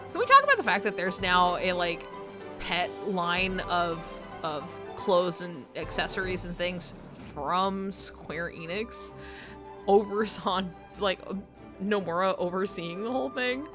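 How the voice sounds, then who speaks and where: A woman streamer chats casually into her mic, her voice jumping all over in pitch as she gets excited, with a mid-range tone. She swears freely and laughs a lot as she rambles. Faint music plays behind her. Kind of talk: casual chat.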